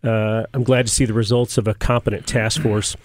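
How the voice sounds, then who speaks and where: Man, sheriff guest on a talk show, hesitant and measured, flat low delivery, dry close sound. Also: no room sound. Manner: measured, hesitant with many fillers.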